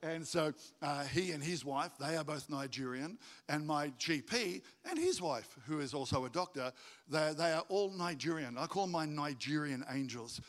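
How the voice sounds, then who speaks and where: A man preaching a sermon to his congregation, animated and jokey, acting out stories in high voices. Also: moderate pace. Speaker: pastor. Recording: reverberant hall.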